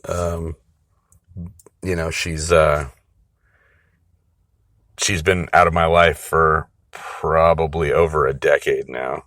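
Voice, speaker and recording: A man's voice: very deep voice, flat delivery, slow, pauses often, a bit bright, no room sound, clean studio sound. A man casually telling a personal story, rambling and profane, full of fillers and restarts.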